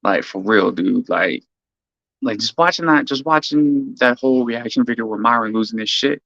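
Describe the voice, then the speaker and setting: A man's voice: mid-range voice, normal speed, creaky, no echo, highs cut off. A man ranting casually to his live chat, swearing constantly and restarting his sentences as he goes. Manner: profane, rambling, animated rant with frequent restarts. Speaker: streamer.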